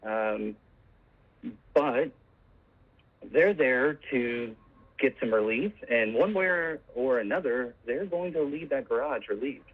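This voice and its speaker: Deadpan male caller over a tinny phone line. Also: mid-range voice, slow pace, pauses often, slightly rough. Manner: calm, deadpan, matter-of-fact about absurd claims. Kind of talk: deadpan comedic call-in bit.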